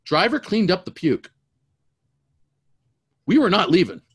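A middle-aged man tells a rambling story in a lively, animated way. He keeps stumbling over and repeating his words. The sound is dry and close. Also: sits high, a little slow, husky, dry recording. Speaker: storyteller guest. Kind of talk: casual storytelling.

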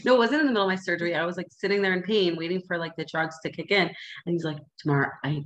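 A woman's voice: lowish voice, rapid-fire, dull audio. A woman in her thirties chatting casually, telling a story and acting out what people said. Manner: animated storyteller, acts out quotes. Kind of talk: casual chat.

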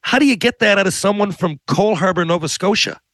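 A man's voice: high-pitched, fast, a bit bright, no room sound. Rambling man, dry close sound. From Newfoundland, Canada. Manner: rambling, profane, tags lines with "right?". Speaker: podcast host. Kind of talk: casual monologue.

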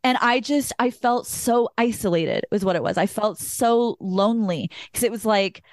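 A woman's voice: a little high, moderate pace, dry recording. Candid storytelling woman, dry close sound. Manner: candid, storytelling, swears freely. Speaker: podcast host. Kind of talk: casual conversational podcast.

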